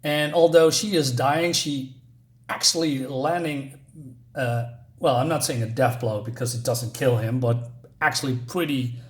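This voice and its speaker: A man's voice: medium pitch, unhurried. A man casually reviewing a comic book, rambling and hesitant, full of fillers and restarts.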